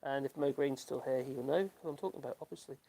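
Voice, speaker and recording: Older Norfolk man, livestream host, rambling and halting, mid pitch. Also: vocal fry, dark tone. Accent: Norfolk English. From Norfolk, England. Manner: rambling, halting, with frequent ums and laughs. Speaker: livestream host reading chat. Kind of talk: casual chat.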